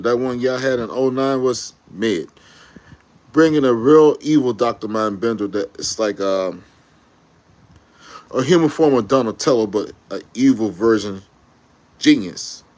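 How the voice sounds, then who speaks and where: Brief: male vlogger, average pitch, excitable slangy fan rant, rambling with self-corrections. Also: moderate pace. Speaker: YouTube commentator. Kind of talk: casual fan rant to camera.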